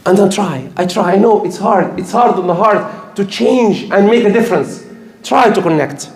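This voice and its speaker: Older preacher guy, high voice, echoey mosque room, earnest and repeats himself. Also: expressive, moderate pace. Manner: earnest, repetitive, emphatic, with slips. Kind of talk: sermon.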